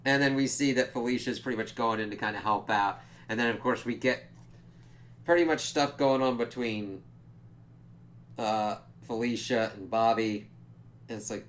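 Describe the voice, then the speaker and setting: A man's voice: mid-range voice, moderate pace, fairly bright tone. Rambling man reviewing a comic. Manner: loose and rambling, full of fillers and swearing, acting out quoted reactions. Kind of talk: casual spoken review.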